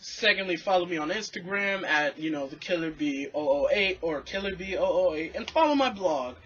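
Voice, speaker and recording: A young man talks to his camera in a high, bright voice with some rasp. He tells the story animatedly and with plenty of swearing. The recording sounds dull and lo-fi. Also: a little fast, a little hiss or hum. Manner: animated, swearing, acts out quotes. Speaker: vlogger. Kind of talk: casual profane storytelling to camera.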